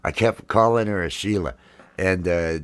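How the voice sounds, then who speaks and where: At home with a coffee, a man in his fifties hosts a casual live stream. His deep, clean-toned voice moves at normal speed as he rambles with lots of fillers and restarts.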